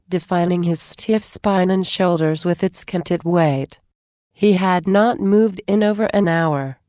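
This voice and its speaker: A woman reads a story aloud in a steady, measured way. Her voice sits a little low and moves slowly. The recording is dry and close, with no room sound. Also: dry recording. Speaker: narrator. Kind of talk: reading fan fiction aloud.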